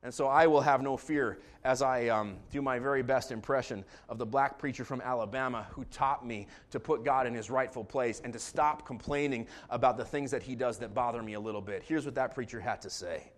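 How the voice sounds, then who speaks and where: Joking, animated preacher man. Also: medium pitch, fairly quick, hardly any pauses. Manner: animated and joking, swings between calm asides and loud bursts. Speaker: pastor. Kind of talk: sermon.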